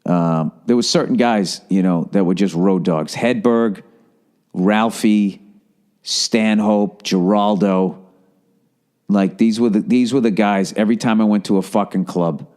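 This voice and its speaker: Profane storytelling man, Boston accent. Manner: profane, storytelling, swings from low mumbling to loud. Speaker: podcast host. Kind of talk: casual rambling monologue.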